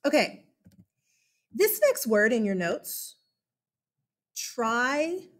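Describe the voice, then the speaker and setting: A history teacher gives a chatty, animated classroom lecture, frequently checking in with "okay?" She has a slightly high voice with a slight lisp and takes things slowly.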